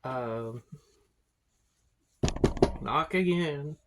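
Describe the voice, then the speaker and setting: A man's voice: a little high, extremely slow, heavy background noise. A man narrating a tabletop game as game master, in a laid-back, rambling way with fillers and swearing.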